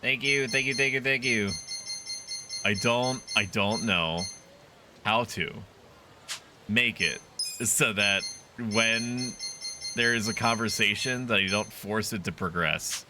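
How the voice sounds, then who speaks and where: A man's voice: fairly low pitch, slow, pauses often, background noise. A man streaming a video game, chatting casually, laughing often and swearing freely as he plays. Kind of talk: casual live gameplay commentary.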